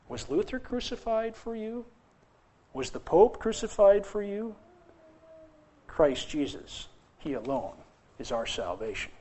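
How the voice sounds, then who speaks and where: A man's voice: sits high, a little mellow. A male pastor preaching a sermon, emphatic and repetitive, building intensity through repeated phrases.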